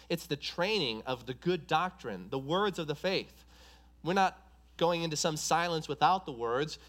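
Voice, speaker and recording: A man's voice: fairly high pitch, a bit bright. A man preaching a sermon, driving points home with an emphatic, repetitive cadence.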